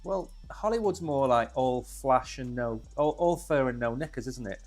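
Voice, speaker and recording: Brief: male co-host, animated pitch, joking banter, soft music bed. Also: moderate pace. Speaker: co-host of a crypto stream. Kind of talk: casual chat.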